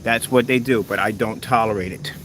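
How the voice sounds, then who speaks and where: A man talking casually to his viewers from his home, rambling and animated. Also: fairly low pitch, fairly quick, a little hiss or hum. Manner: talkative, talks softly to a rescued bird. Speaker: vlogger. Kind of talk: casual vlog talk to camera. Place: at home, indoors.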